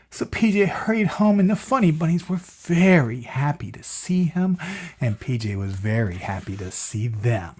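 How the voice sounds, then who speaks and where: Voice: mid-range voice, very animated, moderate pace, a little mellow, breathy edge. A storyteller reading a picture book aloud to a child, often stopping for chatty asides and questions to the listener.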